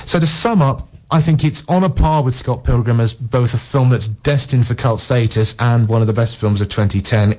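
A man's voice: mid-range voice, darkish tone. A man reviewing films on local radio, talking at length with enthusiasm in long run-on sentences. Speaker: film reviewer. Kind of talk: radio film review chat.

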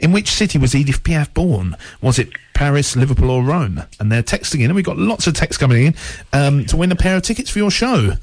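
A man's voice: on the high side, very animated, a little fast, a little mellow, dry recording. A male radio presenter interviewing a guest in a chatty, jokey manner.

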